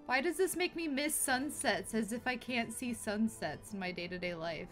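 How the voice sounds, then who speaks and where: High, bright-voiced woman streamer. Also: lively intonation, moderate pace. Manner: wondering, easily startled, gasping, thinking aloud. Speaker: game streamer. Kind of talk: casual live gameplay reaction. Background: game music.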